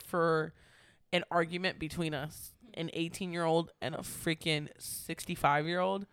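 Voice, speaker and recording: A woman's voice: deep voice, fairly even intonation, normal speed, a bit bright, clean tone, dry recording. A young woman telling work stories in a casual chat, packed with "like" fillers. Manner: chatty, storytelling, heavy "like" filler.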